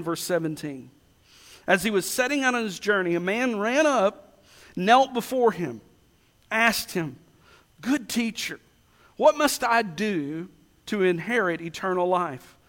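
A man preaching a sermon, asking rhetorical questions and slowing down to stress key words. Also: sits high, a bit bright. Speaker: pastor. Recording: long hall reverb.

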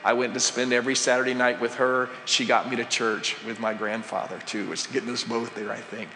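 A man's voice: medium pitch, flat delivery, brisk, pushed and bright. Man preaching, pastor, conversational sermon, long church-hall reverb, faint room noise. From United States. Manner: conversational, asks the congregation questions. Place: church sanctuary.

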